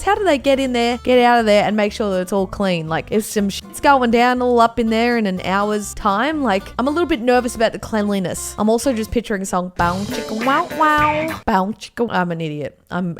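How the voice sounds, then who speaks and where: Australian woman, reaction host, high voice, exclaiming, self-mocking, faint music behind. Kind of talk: casual reaction commentary.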